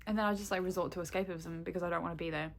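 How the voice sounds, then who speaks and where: A woman's voice: on the low side, fairly even intonation, rapid-fire. A young woman vlogging in casual chat, candid and rambling, swearing freely and laughing often.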